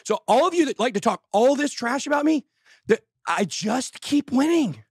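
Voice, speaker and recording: A man hosting a live show, ranting loudly and exasperated, often shouting. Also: very high voice, animated, normal speed, breathy edge, dry recording, clean studio sound. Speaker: show host. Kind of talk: heated rant on a live show.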